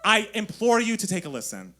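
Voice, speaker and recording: A man co-hosting a podcast live on stage, talking in a gushing, excitable way and laughing often. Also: high-pitched, fairly quick. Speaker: podcast co-host. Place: live stage before an audience.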